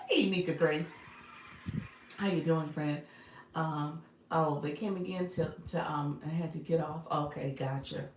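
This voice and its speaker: A woman's voice: low voice, darkish tone, echoey room, a little hiss or hum. A woman hosting a casual live stream from her phone, chatting with viewers, greeting them by name and laughing often. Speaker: live-stream host and business coach.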